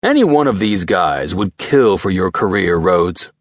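A male narrator voicing a gruff, stern older army general who barks his orders. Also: low voice, lively intonation, a little slow, no room sound, clean studio sound. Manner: barking, stern.

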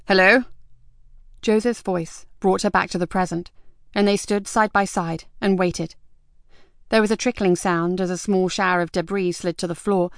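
A woman narrating a crime novel as an audiobook, in a measured, expressive storytelling manner, recorded close in a booth. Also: mid-range voice, clear, resonant tone, no echo. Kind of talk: scripted narration. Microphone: close studio mic.

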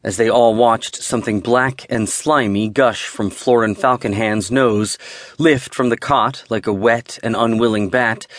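A man's voice: medium pitch, no echo. Male audiobook narrator in dry studio. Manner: steady, measured storytelling. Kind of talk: scripted fantasy narration. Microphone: close studio mic.

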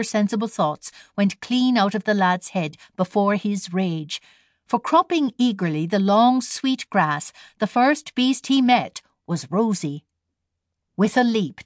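A woman's voice: mid-range voice, no echo. Woman narrating a story, dry close sound. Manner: storytelling read with voiced characters. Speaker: audiobook narrator. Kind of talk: scripted narration.

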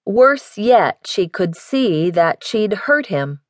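A woman with a medium-pitched voice narrates an audiobook in a measured, even storytelling style. The scripted reading has studio quality with no echo.

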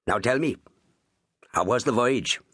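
A man's voice: mid-range voice, expressive, unhurried, a bit bright, slightly rough, dry recording, studio quality, pitched above the performer's own voice. A man voicing a small, polite and anxious shipping agent in an audiobook. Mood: courteous. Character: small fussy Indian shipping agent, middle-aged. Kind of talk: audiobook character voice.

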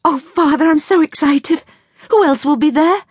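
A woman's voice: high-pitched, sing-song, moderate pace, dry recording, clean studio sound, pitched above the performer's own voice. A woman doing an eager, gushing teenage girl. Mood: excited. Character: excited young girl of seventeen.

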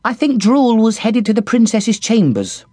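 A man voicing a shy, freckled young kitchen girl with a high giggly voice in an audiobook. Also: big pitch swings, normal speed, mellow, dry recording. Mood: teasing. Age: young adult.

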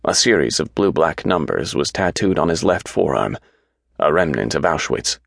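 Deep, gravelly male audiobook narrator. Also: dry recording, clean studio sound. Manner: measured, even storytelling delivery.

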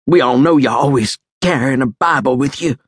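A man's voice: medium pitch, lively intonation, normal speed, creaky, a bit bright, slightly rough, dry recording, studio quality, voice pushed up, exaggerated voice. A man voicing a badly wounded young soldier who pleads in pain, panicky and gasping. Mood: pleading.

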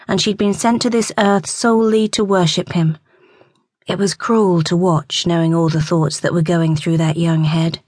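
A woman narrating a romance audiobook in a measured storytelling manner. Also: lowish voice, darkish tone, no room sound, studio quality.

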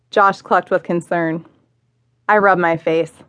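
A woman reading her own memoir as an audiobook, wry and self-mocking, with lively dialogue. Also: lowish voice, moderate pace, no room sound, highs cut off. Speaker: author narrating her memoir. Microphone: close studio mic.

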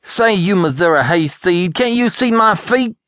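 A man's voice: sits high, animated, measured pace, a bit bright, dry recording, studio quality, voice pushed up. A man voicing a fiery, hot-tempered little rebel in an audiobook, quarrelsome and sneering. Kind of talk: audiobook character voice.

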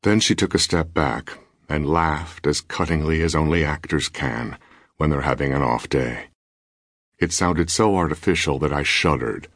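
A man reading a novel aloud in a measured, wry first-person narration, on a close studio mic. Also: extremely low pitch, dry recording. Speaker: audiobook narrator. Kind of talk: scripted narration. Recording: dry studio booth.

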